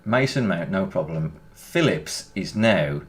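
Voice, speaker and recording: A man with a Birmingham accent talks casually over his gameplay, his voice sitting a little low. He rambles from one thought to the next and chuckles often as he goes. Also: animated, unhurried. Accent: Birmingham English. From England. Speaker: gaming YouTuber.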